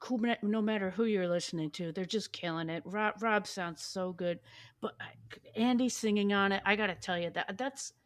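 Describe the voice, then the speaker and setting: This is a woman in casual podcast chat, raving about music with loose, excited energy. She swears freely, trips over her words and restarts her sentences as her enthusiasm runs ahead of her. Her voice sits at an ordinary middle pitch for a woman. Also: normal speed. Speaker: podcast host.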